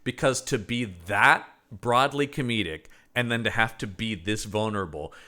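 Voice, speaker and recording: A man's voice: lowish voice, normal speed, a crowd in the background. A man co-hosting a podcast, chatting casually about films and acting out lines from them. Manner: animated, acts out quoted lines from movies. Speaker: podcast co-host. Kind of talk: casual movie commentary chat.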